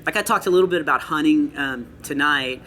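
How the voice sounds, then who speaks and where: A middle-aged male comedian chatting in an interview, telling earnest stories with quick asides. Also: fairly high pitch, sharp tone, slight background noise. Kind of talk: casual interview chat. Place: comedy club after a show.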